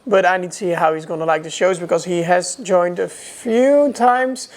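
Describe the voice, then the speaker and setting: A young Dutch man speaking English with a light Dutch accent, chatting casually with hesitant pauses. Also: sits high. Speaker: co-host, horse rider. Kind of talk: casual chat.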